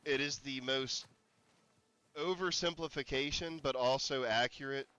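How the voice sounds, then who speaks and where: A man's voice: mid-range voice, a little slow, sharp tone, clear, resonant tone, lo-fi sound. A man streaming a game, chatting casually and rambling, breaking into laughter and startled yelps. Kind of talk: casual gameplay commentary.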